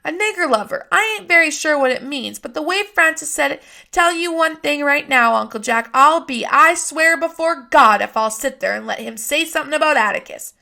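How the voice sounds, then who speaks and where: A woman's voice: high voice, expressive, normal speed, vocal fry, pushed and bright, voice pushed up, heavily acted. A woman voicing a feisty, defiant young girl who argues and pleads in a storybook reading. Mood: earnest.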